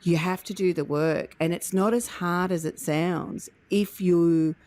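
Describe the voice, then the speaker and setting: A woman's voice: fairly low pitch, steady tone, unhurried, a little mellow. A woman hosting a podcast who speaks in an earnest, reflective way, explaining ideas in flowing phrases. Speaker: podcast host. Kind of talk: reflective conversation.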